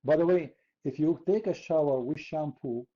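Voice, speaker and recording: A man's voice: a little high, normal speed, highs cut off. A man from the Middle East, hosting an online chat room debate in a sarcastic, mocking, argumentative way. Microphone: computer mic.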